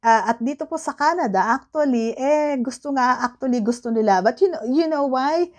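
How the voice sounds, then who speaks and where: A middle-aged Filipino woman, a vlogger with a Filipino accent, chats candidly and casually with her viewers, often trailing off while she searches for words. Her voice sits high, is a little mellow, and moves at a fairly quick pace.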